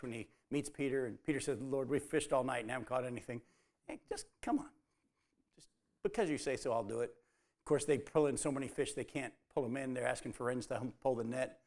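A man's voice: medium pitch, gravelly. A man preaching a sermon, telling the story and acting out the quoted lines as dialogue.

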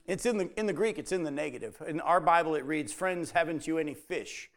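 A man's voice: a little high, a little fast. A man preaching a sermon, telling the story and acting out the quoted lines as dialogue.

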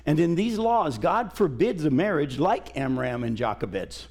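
Middle-aged man preaching a folksy, conversational Bible sermon in a church, voice sitting a touch high. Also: very animated, normal speed, a little mellow. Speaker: pastor. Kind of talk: sermon with scripture reading. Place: church sanctuary.

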